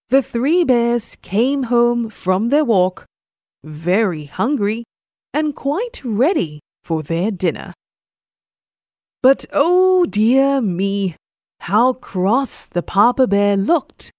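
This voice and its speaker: Slow, expressive woman reading a bedtime story. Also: mid-range voice, no echo, studio quality. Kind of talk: scripted bedtime story narration.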